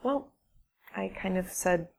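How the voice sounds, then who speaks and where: A woman telling a personal story in a shy, halting way, with restarts and dramatic pauses. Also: lowish voice, lively intonation, vocal fry, a little hiss or hum. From English-speaking foreigner living in Russia. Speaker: English teacher telling a story. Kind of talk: casual spoken storytelling.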